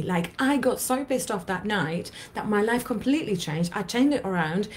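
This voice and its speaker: A woman's voice: medium pitch, animated, moderate pace, hardly any pauses. A woman in her thirties, an anxiety coach, talking to her viewers in an earnest, blunt way and swearing freely. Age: 30s. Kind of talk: emotional coaching talk to viewers.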